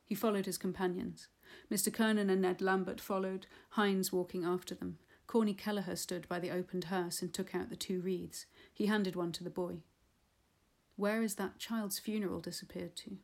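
A woman reading a literary novel aloud in a measured, unhurried way. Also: medium pitch, level tone, vocal fry, darkish tone. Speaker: audiobook reader. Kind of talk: literary audiobook narration.

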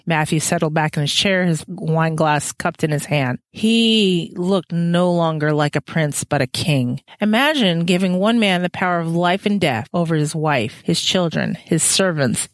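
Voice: mid-range voice, no echo. A reader and co-host reading a novel aloud, breaking off for playful casual asides. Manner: playful asides, laughs between passages.

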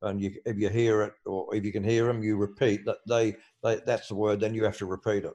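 A man's voice: lowish voice, flat delivery, brisk, warm tone. An older man with an Australian accent chatting casually, rambling through stories with plenty of swearing and hesitant fillers. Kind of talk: casual chat.

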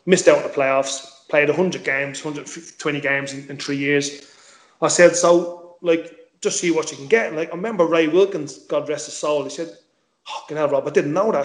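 A man tells a football story at a rapid clip, swearing freely and playing out each exchange in quotes. His voice sits a little high, and the room around him is echoey. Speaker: former footballer guest. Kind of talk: casual anecdote-telling.

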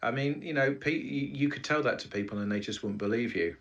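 A man, a comedy podcast co-host speaking in casual chat with deadpan, earnest asides. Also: mid-range voice, brisk, muffled recording.

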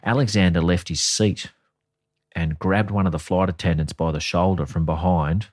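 A man's voice: sits low, steady tone, moderate pace, dry recording, studio quality. A man hosting a casual comedy podcast, sweary and sardonic as he tells a story. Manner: sweary, sardonic storytelling, reading quotes aloud. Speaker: podcast co-host.

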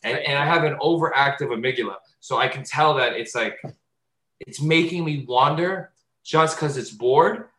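Animated man in an echoey room. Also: normal speed. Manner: animated, swears freely, acts out bits with loud high voices. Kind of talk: casual chat.

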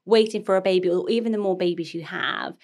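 A woman's voice: lowish voice, fast talker, darkish tone. Giggly chatty woman co-host. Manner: giggly, chatty, trails off mid-sentence. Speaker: podcast co-host. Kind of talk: casual chat.

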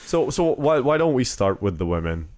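A man's voice: mid-range voice, big pitch swings, normal speed, a little mellow. A man with a cold, co-hosting a casual podcast chat, joking and rambling with lots of fillers. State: has a cold. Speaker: podcast co-host.

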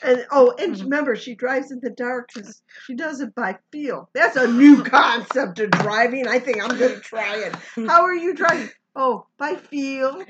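Snarky lady riffing, swears a lot, kinda high voice, muffled noisy recording. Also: moderate pace, hardly any pauses, fairly bright tone. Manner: sarcastic, swears freely, mocks with exaggerated sound effects. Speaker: co-host reviewing a film. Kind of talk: casual chat. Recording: dull lo-fi recording with background noise.

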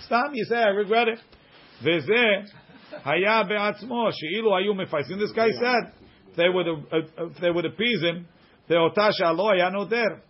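A man teaching a Talmud class, reading passages aloud and quickly explaining them in English with everyday examples. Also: sits high, lo-fi sound.

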